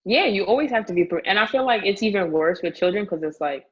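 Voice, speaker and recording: A woman teacher talking casually on a podcast, telling animated stories full of "like" and laughter. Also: mid-range voice, quick pace, husky, highs cut off. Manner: animated storytelling, frequent "like", laughs often. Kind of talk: casual conversation.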